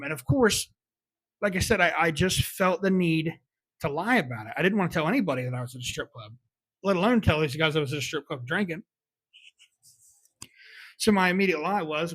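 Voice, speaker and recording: A man's voice: on the high side, brisk, fairly bright tone, no room sound. Candid young man telling a confession. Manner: candid, frequent swearing, self-reflective. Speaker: podcast host. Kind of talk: confessional solo storytelling.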